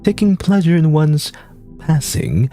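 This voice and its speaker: A man voicing a solemn alligator priest in a game, talking slowly and gravely. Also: fairly high pitch, big pitch swings, mellow, soft background music, pitched above the performer's own voice.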